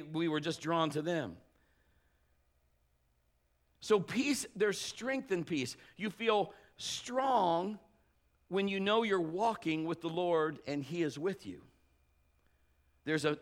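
A man's voice: on the high side, takes it slowly, long pauses. Folksy middle-aged preacher, man. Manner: folksy storytelling, trailing restarts. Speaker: pastor. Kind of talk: conversational sermon.

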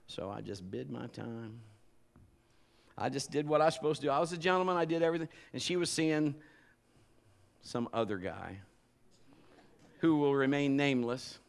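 A man's voice: medium pitch, moderate pace, creaky, pauses often. A male pastor preaching a sermon and telling stories with humor and energy. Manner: animated, humorous storytelling.

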